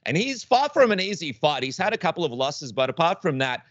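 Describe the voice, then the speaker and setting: A man's voice: fairly high pitch, big pitch swings, a little fast, fairly bright tone, no echo, lo-fi sound. A man co-hosting an interview podcast, asking questions in an upbeat, chatty way. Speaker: podcast co-host.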